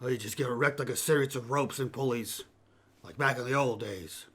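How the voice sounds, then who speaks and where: A man playing in a tabletop game, making joking, deadpan asides. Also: mid-range voice, fairly quick, slightly rough. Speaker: player. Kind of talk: casual tabletop play.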